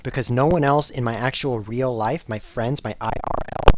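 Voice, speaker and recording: A man's voice: mid-range voice, normal speed. A man streaming chess live, chatting casually to viewers in a rambling, self-mocking way as he plays. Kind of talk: casual live-stream commentary while playing. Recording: dull lo-fi recording with faint noise.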